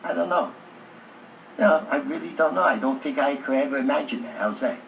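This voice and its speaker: A man being interviewed, telling a lively anecdote with a streetwise, joking delivery. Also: fairly high pitch, a little fast, vocal fry, dull audio, slight background noise. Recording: echoey room, distant mic.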